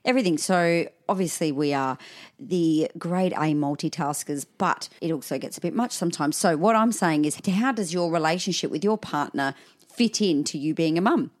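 A woman's voice: low-pitched, moderate pace. A woman with an Australian accent co-hosting a podcast about motherhood, chatting casually and telling stories with quoted voices. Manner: chatty storyteller, acting out quotes. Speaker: podcast co-host. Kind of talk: casual chat.

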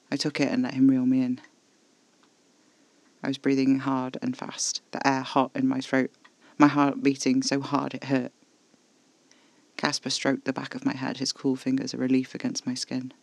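A man reading scripted first-person horror narration in a measured, level way, close to the mic. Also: mid-range voice, completely flat delivery, creaky, dry recording, poor audio.

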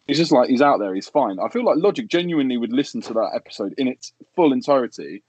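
A man co-hosting a podcast, chatting in a sweary, animated way and laughing as he talks. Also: mid-range voice, quick pace, no echo, dull audio. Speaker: podcast co-host. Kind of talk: casual chat.

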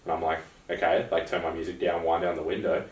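Deep aussie bloke on a podcast, blunt and sweary, roomy sound like he's a bit back from the mic. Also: little pitch movement, fast, recorded from a distance. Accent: Australian. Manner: blunt, swearing, storytelling with asides. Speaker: podcast co-host. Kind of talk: casual chat.

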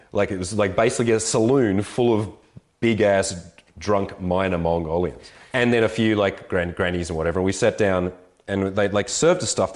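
A man casually telling an animated, profane travel story in conversation. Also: low-pitched. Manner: animated storyteller, swearing, voices others.

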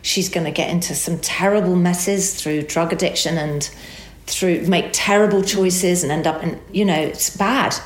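A woman telling an emotional personal story as a guest, animated and acting out the dialogue. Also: fairly low pitch, moderate pace, echoey room.

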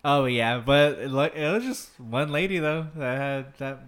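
A man's voice: medium pitch, animated, fairly bright tone. A man in casual chat with friends, rambling with lots of ums and restarts. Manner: unhurried, rambling with many ums.

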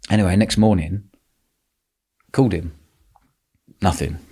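A man hosting a podcast, telling a lively story with lots of laughter and quoted voices. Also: low voice, a little slow, vocal fry, breathy edge. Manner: animated, laughing, acts out quotes. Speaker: podcast host. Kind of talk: casual storytelling chat.

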